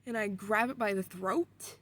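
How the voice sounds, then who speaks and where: A young adult woman vlogger telling a story in a casual way, with animated delivery and frequent swearing. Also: mid-range voice, unhurried, background noise.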